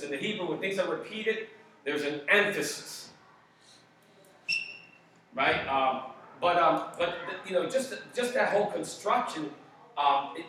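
Brief: male pastor, emphatic and playful, bright voice, recorded from afar in a reverberant hall. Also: fairly high pitch, slight background noise. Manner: animated, jokey, emphatic with sudden loud bursts. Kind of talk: sermon. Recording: echoey hall, distant mic.

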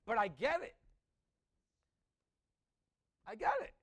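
Male pastor, high and very expressive pitch; conversational sermon, quick laughs, asks the room questions. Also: gravelly. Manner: conversational, rhetorical questions, laughs at own jokes. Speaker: preacher.

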